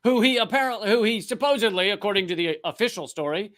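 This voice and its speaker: A man's voice: high voice, lively intonation, quick pace, a bit bright. A man hosting a podcast, retelling a true crime case in casual chat with sarcastic asides. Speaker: podcast host.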